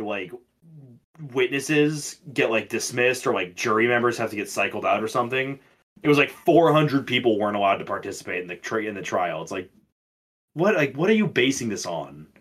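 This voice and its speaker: A man's voice: medium pitch, animated, moderate pace, fairly bright tone. A young man co-hosting a podcast, chatting casually and telling profane, ranting stories. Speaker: podcast co-host. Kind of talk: casual chat.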